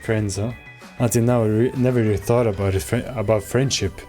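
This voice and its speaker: A man's voice: on the low side, steady tone, brisk, warm tone, faint music behind, natural voice. A man voicing the reflective inner monologue of an uncertain young male student in a video game.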